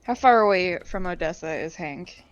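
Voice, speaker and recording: A woman's voice: lowish voice, lively intonation, moderate pace, smooth, no echo, highs cut off. A woman playing a tabletop game over a video call, hesitant and thinking aloud with many fillers. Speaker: player.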